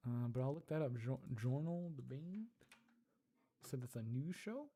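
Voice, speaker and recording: A man's voice: mid-range voice, expressive, normal speed, warm tone. A man casually chatting on a livestream, reading chat, laughing often and repeating words as he tries out pronunciations. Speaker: streamer reading live chat.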